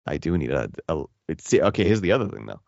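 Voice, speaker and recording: A man's voice: sits low, very animated, fast talker, vocal fry, a little mellow, no room sound. A man with a Boston accent, chatting as a podcast guest over a video call, ranting in a fired-up, joking way. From Boston area. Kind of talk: casual chat. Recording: dull dry call audio.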